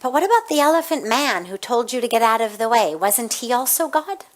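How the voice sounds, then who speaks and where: A woman voicing a calm, wise male guru in a story, gently questioning. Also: on the high side, a little fast, natural voice.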